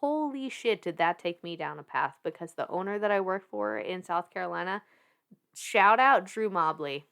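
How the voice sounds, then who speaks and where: A woman in her thirties with a Southern US accent, a podcast guest telling her story in animated casual talk, laughing often and swearing freely. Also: on the low side, moderate pace, creaky, smooth.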